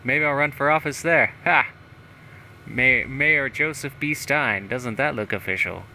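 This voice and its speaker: A man's voice: medium pitch, animated, unhurried, vocal fry, sharp tone, slight background noise, pitched above the performer's own voice, exaggerated voice, low-quality recording. A man putting on a smug sleazy mayor. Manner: smug, boastful, with a put-on accent. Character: sleazy scheming male small-town mayor.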